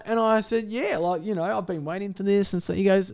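A young man telling an animal story with animated energy, swearing and laughing as he goes. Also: sits high, a little fast, creaky. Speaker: guest storyteller. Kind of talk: casual podcast storytelling.

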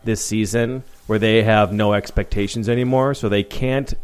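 Man, low voice, podcast host, dry sarcastic sports talk, blunt. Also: steady tone, moderate pace, clean tone. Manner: wry, swearing, trailing off. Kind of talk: casual sports chat.

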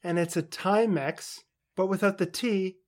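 A man's voice: high voice, unhurried, a little mellow. A man co-hosting a casual podcast, ranting animatedly about a show and acting out lines in funny voices. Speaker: podcast co-host. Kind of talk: casual chat.

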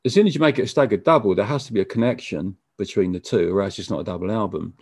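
A man being interviewed as a musician, talking casually in a halting way with frequent stammered restarts. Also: lowish voice, a little mellow, slightly rough, no room sound, studio quality. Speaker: musician guest.

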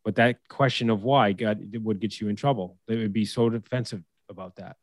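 A man's voice: on the low side, fairly even intonation, brisk, dry recording. A man co-hosting a casual hockey talk show, fired up, swearing, and acting out quotes. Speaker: co-host, former pro hockey player and coach.

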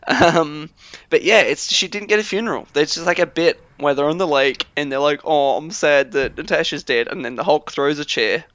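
A man co-hosting a podcast, chatting casually with lots of fillers and quick laughs. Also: a little high, a bit bright, no room sound, muffled recording. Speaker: podcast co-host. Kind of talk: casual chat.

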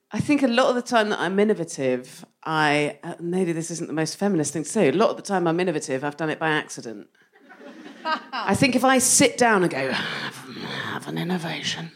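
A woman's voice: fairly low pitch, big pitch swings, brisk. A woman performing live stand-up comedy on a theatre stage, playful and self-mocking, often laughing through her lines. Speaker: comedian, co-host.

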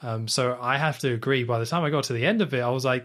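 A man co-hosting a film podcast, giving animated opinions with stammered restarts. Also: medium pitch, fast talker. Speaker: podcast co-host. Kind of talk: casual film review chat.

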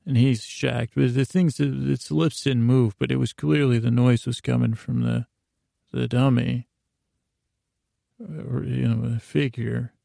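Gravelly, rambling comic storyteller. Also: male voice, medium pitch, steady tone, mellow, no room sound, studio quality. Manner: rambling, halting, full of restarts. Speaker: podcast host.

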